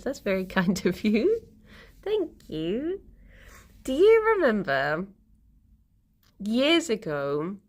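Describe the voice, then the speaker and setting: Slow, sleepy woman streamer. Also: mid-range voice. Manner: rambling, giggly, sleepy storytelling. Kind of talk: relaxed casual stream chat, reading chat.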